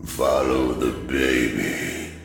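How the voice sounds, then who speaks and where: A hoarse, guttural forest spirit with a metallic, echoing timbre. It speaks in an extremely deep, gravelly voice at a crawling, taunting pace. The sound rings out through long reverb, with music underneath. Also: male voice, heavily acted. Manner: slow, taunting whisper. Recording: roomy echo with long reverb, music behind.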